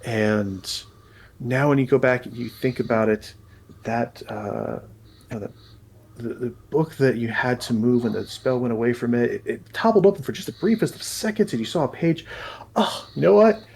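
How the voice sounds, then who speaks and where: A man's voice: mid-range voice, normal speed, creaky, darkish tone, a little hiss or hum. A man narrating a tabletop game as game master, rambling with frequent restarts. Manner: rambling, many restarts and fillers.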